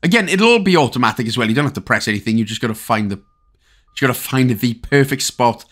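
A man's voice: medium pitch, animated, fast, fairly bright tone. A Welsh man giving a chatty, casual game walkthrough, full of rambling asides and jokes. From Wales. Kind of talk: casual gameplay commentary.

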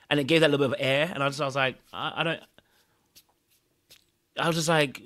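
A man talking quickly in casual podcast chat, recapping a reality-TV episode. He repeats himself and keeps turning to his listeners with rhetorical questions. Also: mid-range voice, fairly even intonation, fairly bright tone. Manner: rapid, repetitive, rhetorical questions like "you know what I mean". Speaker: podcast co-host.

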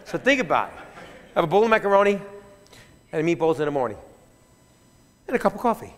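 A man, a fitness trainer, telling stories in an animated, chatty way at a conference, often chuckling as he speaks. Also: fairly high pitch, quick pace, pauses often. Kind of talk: keynote storytelling. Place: large conference hall. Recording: reverberant conference hall.

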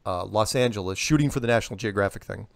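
A man's voice: fairly low pitch, fast, creaky, dry recording. A man in a casual interview, telling long rambling stories and acting out what people said. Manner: rambling, animated storyteller acting out quotes. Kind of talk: casual phone interview storytelling.

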